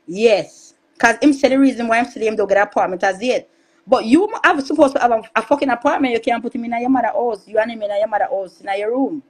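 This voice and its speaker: A Jamaican woman with a high voice rants hard and fast on a live stream. She is loud and cursing, taunting her target and hammering the same insults over and over. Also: poor audio. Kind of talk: heated live-stream rant.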